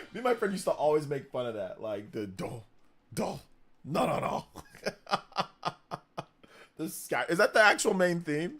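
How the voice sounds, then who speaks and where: A man's voice: on the high side, big pitch swings, measured pace, pauses often, fairly bright tone, soft background music. A man hosting a casual live stream, hyped up, reading out and thanking donors as he chats. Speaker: livestream host.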